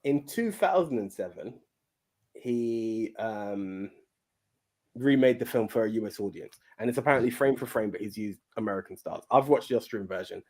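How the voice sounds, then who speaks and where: A man's voice: fairly low pitch, lively intonation, moderate pace, a little mellow. A man co-hosting a film podcast in casual chat, laughing easily and often restarting his sentences. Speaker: podcast co-host.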